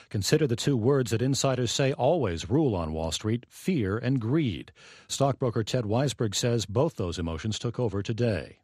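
Husky-voiced male radio correspondent. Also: medium pitch, no echo, studio quality. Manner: measured, even reporting. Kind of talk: scripted radio news report.

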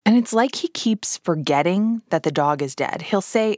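A woman narrating a documentary in a measured storytelling voice, recorded close in a studio as a voice-over. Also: on the low side, animated, a little mellow, dry recording.

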